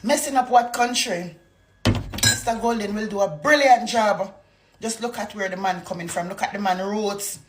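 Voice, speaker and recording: A woman's voice: medium pitch, normal speed, background noise. A woman from Jamaica with a Jamaican accent, delivering a fiery political rant full of rhetorical questions. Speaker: political commentator.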